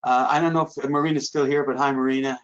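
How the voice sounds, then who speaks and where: A man giving a webinar talk on a video call, speaking haltingly with many restarts and fillers. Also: mid-range voice, fairly even intonation, clear, resonant tone. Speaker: guest presenter. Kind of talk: webinar presentation. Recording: dull lo-fi online call audio.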